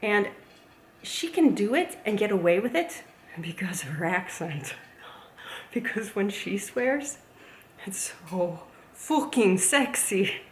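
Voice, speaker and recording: A woman's voice: medium pitch, expressive, unhurried, long pauses, slight background noise. Gushing, playful woman vlogger. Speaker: plant YouTuber. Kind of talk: casual vlog chat. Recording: echoey room, faint ambience.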